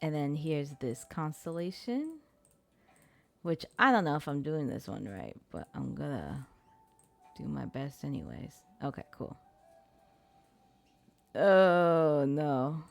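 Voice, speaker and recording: Her voice sits low with vocal fry and a sing-song lilt, and she speaks slowly with long pauses as faint music plays behind her. This young adult streamer chats casually into her streaming mic, swearing while she plays and narrates, laughing at her own struggles.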